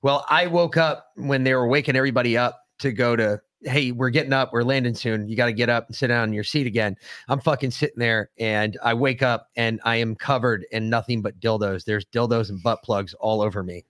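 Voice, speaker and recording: A man hosting a podcast, telling a crude army story in casual, profane, animated chat. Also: mid-range voice, fairly quick, hardly any pauses, dry recording, clean studio sound. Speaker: podcast host.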